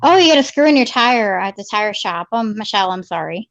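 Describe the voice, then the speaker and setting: A woman's voice: medium pitch, lively intonation, a little fast, fairly bright tone. A woman co-hosting a casual live stream, friendly and agreeable, reading viewers' chat comments aloud. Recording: slightly dull lo-fi stream audio.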